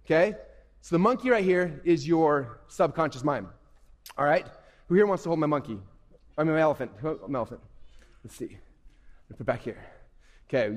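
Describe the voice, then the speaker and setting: A man giving an energetic, playful, emphatic live presentation to young people as a motivational speaker. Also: fairly high pitch. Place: event hall. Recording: reverberant hall.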